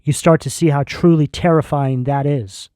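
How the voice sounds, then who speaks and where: A man's voice: a little high, steady tone, mellow, dry recording, studio quality. Intense, emphatic man reading tarot. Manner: slow, emphatic, intense declarations. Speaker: tarot reader.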